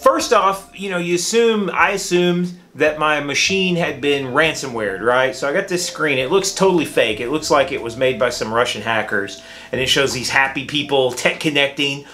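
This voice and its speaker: A man's voice: fairly high pitch, moderate pace, bright, forceful tone, slight background noise. A man, a vlogger and art teacher, telling a frustrated story in a casual, rambling monologue with many restarts, recorded indoors under a beauty light.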